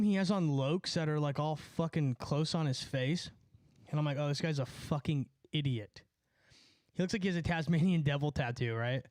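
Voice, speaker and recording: A man telling a profane, animated story on a live stream, a bit out of breath. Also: fairly high pitch, no echo, clean studio sound. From California. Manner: animated, profane, jumps between story and asides.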